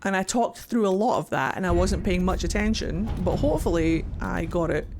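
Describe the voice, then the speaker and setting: A young woman streaming a video game live, talking excitably to chat and swearing freely as she rants. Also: lowish voice, brisk, slight background noise. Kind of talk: live gameplay commentary.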